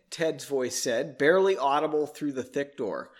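A man's voice: mid-range voice, moderate pace, hardly any pauses. A man hosting a podcast, casually reading a story aloud and breaking off for joking, self-deprecating asides.

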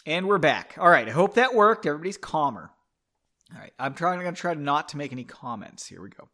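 Brief: man reading a book aloud over whiskey, chatty asides and swearing, fairly high voice that jumps around a lot. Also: very animated, fast talker, bright, forceful tone. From United States. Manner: rambling, swears and comments between passages. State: drinking whiskey. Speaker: reader of a book. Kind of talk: casual read-aloud with asides.

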